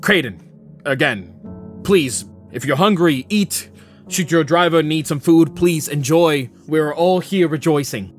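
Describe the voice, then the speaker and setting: A man's voice: a little high, a little slow, faint music behind, pitched above the performer's own voice, close to an everyday voice. A man voicing a hospitable, proud middle-aged king who welcomes guests in a courtly way, in a tabletop game. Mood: welcoming.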